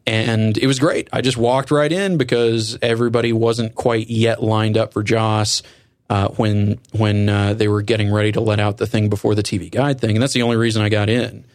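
A man with a somewhat low voice hosts a casual podcast. He talks in a relaxed, chatty way and drops in wry asides. The recording is close and dry, with no room sound. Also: no room sound. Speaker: podcast host.

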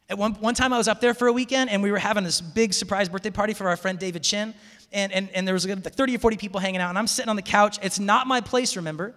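Casting note: man, high voice, animated storyteller giving a casual sermon to a live audience, long hall reverb. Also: very fast. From Seattle area, USA. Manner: animated storytelling, frequent restarts. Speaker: campus minister speaking to students. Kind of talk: conversational sermon talk.

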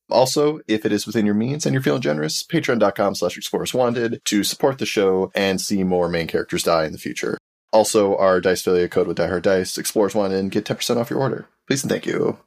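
A man co-hosts a tabletop game podcast, playful in chat and rattling off the show's plugs. His voice is low with a gravelly edge. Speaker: podcast player and co-host. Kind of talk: casual chat and show plugs.

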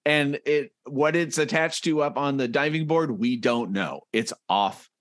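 Slow-talking man co-hosting a podcast. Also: mid-range voice, dry recording, studio quality. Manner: jokey, describes comic panels slowly with restarts. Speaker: podcast co-host. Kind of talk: casual chat.

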